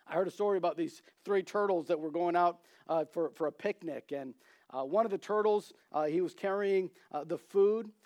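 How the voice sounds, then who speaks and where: High-pitched preacher man telling stories. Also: moderate pace. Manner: storytelling, acts out quoted voices, animated emphasis. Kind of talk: sermon with humorous illustrations.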